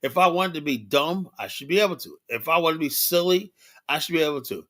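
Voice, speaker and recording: A man's voice: on the high side, lively intonation, fairly quick, fairly bright tone. A man hosting a livestream show, talking bluntly and casually in a rambling monologue, often adding "you know.".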